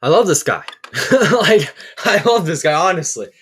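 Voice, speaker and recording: A man's voice: a little high, big pitch swings, normal speed, very noisy. A man hosting a casual political commentary show, enthusiastic and peppering his talk with "all right". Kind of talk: casual commentary over clips.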